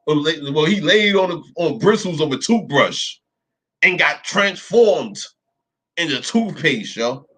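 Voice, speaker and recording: High, bright-voiced man ranting. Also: measured pace, breathy edge. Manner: animated, swearing, repetitive, rhetorical questions. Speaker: commentator reacting to videos. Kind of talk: profane reaction commentary.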